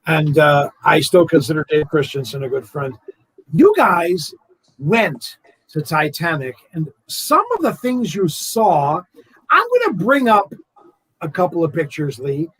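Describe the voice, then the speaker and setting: Husky, lively-voiced male host. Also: fairly high pitch, unhurried, no room sound, low-quality recording. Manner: warm, earnest and emotional about his guest. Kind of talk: casual interview hosting.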